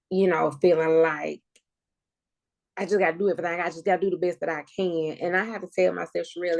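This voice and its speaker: A woman's voice: sits low, gravelly, a little mellow. A woman in her thirties, a podcast guest, sharing a heartfelt personal story and talking close to tears. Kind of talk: emotional personal conversation.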